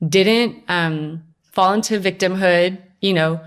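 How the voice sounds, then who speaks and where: A young woman, a podcast guest, telling her personal story in a lively, conversational way. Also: on the low side, slow, clear, resonant tone. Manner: animated storytelling, acts out her own past voice.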